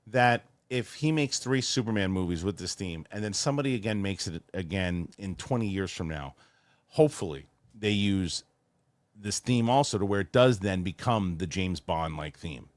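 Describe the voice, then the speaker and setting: Man, low voice, lively up-and-down delivery, dry close sound, casual show host. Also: moderate pace, dry recording. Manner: animated, swears casually, laughs often. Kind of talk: casual chat reading viewer questions.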